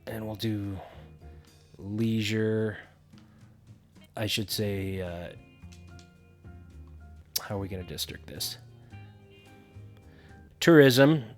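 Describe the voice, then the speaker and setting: A man's voice: fairly low pitch, very slow, pauses often, soft background music. A man casually narrating a building game tutorial, thinking aloud with frequent fillers.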